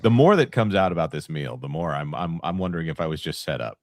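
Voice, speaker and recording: A man with a low, deep voice that moves around a lot as he talks. He co-hosts a casual panel stream and reads out viewer messages with jokes. The sound is close and dry. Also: big pitch swings, fast talker, a little mellow, no room sound. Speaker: co-host reading super chats.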